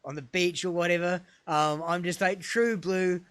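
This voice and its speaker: A man voicing an eager, boastful immigrant man who talks in a raised, excited voice. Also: normal speed, clean tone, dry recording. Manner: excited, emphatic, high-pitched.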